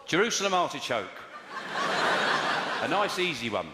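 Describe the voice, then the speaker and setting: A man doing improvised stand-up comedy from audience suggestions, mixing deadpan asides with sudden loud bursts. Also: a little high, normal speed. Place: large theatre with audience. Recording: echoey live hall, loud noise.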